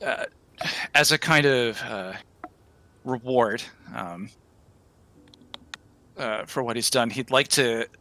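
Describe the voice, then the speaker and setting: A man narrating as game master of a tabletop game, with a bright, forceful voice. He talks in a halting way, full of fillers and restarts, at a middle pitch.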